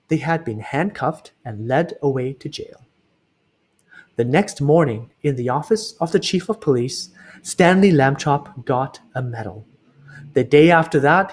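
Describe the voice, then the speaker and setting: A man reading a children's book aloud in an expressive way, slowing down for emphasis. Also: a little high. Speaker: reader.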